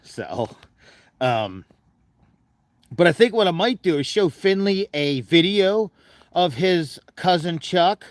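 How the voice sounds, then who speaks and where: Brief: folksy male livestream host, casual chat, fairly high pitch, dry close sound. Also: lively intonation, slow, long pauses, dry recording. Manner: folksy, affectionate with animals.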